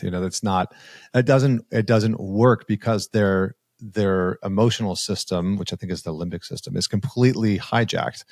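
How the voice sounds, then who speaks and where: Podcast host guy, lowish voice, talks it out slow and rambly, dry close mic. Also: darkish tone, no room sound. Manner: thinks aloud, hesitant restarts, searching for words. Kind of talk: casual conversational interview.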